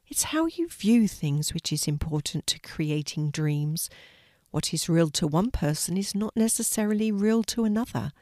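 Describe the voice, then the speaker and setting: A woman whispering as a tiny gentle fairy. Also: on the low side, expressive, normal speed, dry recording, studio quality, close to an everyday voice. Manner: soft, hushed and kindly.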